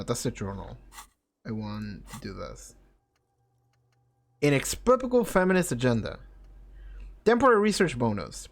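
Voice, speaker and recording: A man streaming a video game, giggling and reading the on-screen text aloud in casual commentary. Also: medium pitch. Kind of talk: casual let's-play commentary.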